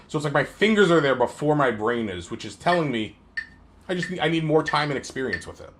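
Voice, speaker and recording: Role: guitar teacher. Style: live practice commentary. Sex: man. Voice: fairly high, relaxed, self-coaching. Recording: guitar playing in the mix. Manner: counts aloud in a slow sing-song, then talks through his playing.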